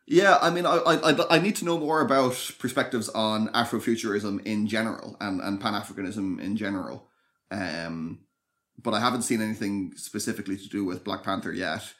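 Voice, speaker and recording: A man with a somewhat low voice co-hosts a podcast. He talks in a relaxed, thoughtful way, often pausing and restarting his sentences as he works through an idea. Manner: thoughtful, hesitant with many restarts. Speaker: podcast co-host. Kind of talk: casual chat.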